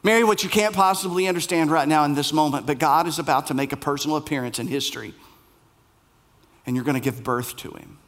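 A man's voice: fairly high pitch, quick pace, fairly bright tone. A male pastor preaching a sermon in a conversational way, repeating his phrases for emphasis.

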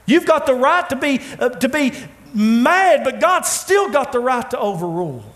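A man preaching a sermon in a church, with dramatic pauses, swinging from loud, pleading lines to hushed ones. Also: very high voice, sing-song. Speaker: pastor. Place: church sanctuary.

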